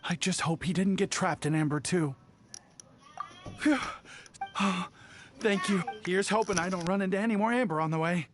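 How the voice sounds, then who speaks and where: An actor playing a worried young villager with an anxious, quick way of speaking. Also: mid-range voice, faint music behind, lightly acted. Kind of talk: game cutscene voice acting.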